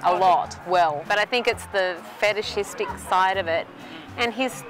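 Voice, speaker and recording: A woman, an actress, musing in a halting way in a behind-the-scenes interview. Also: medium pitch, rough recording. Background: background music.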